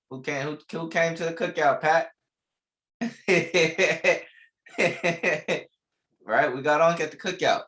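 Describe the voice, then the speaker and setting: A man's voice: on the high side, bright, forceful tone. A young man teaching a live online trading class, repeating key lines with emphasis and casual slang. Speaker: trading instructor.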